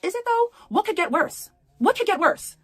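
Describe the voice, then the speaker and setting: A woman's voice: very high voice, big pitch swings, moderate pace, no room sound. A woman livestreaming an angry rant, profane and repeating herself.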